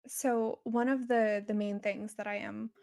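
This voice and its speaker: Podcast guest, woman in her twenties, even-toned, reflective and supportive, lots of fillers. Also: mid-range voice, measured pace, gravelly. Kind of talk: casual heartfelt chat.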